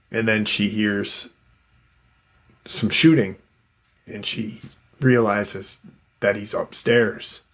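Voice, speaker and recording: A man hosting a channel, casually retelling an encounter story in a loose, conversational way. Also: fairly low pitch. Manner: loose and conversational, full of "um" and "you know". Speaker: host and storyteller.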